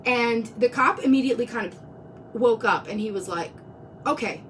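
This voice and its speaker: A woman with a fairly high voice pours out an earnest, rambling live-stream monologue, close to tears and often restarting her thoughts. She is picked up from a little way off on a phone mic, with a faint rumble underneath. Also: brisk, recorded from a distance.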